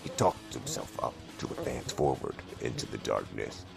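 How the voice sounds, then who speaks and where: A man narrating a comedy audio drama in a deadpan, steady manner. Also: rumbling low, normal speed, creaky, over music.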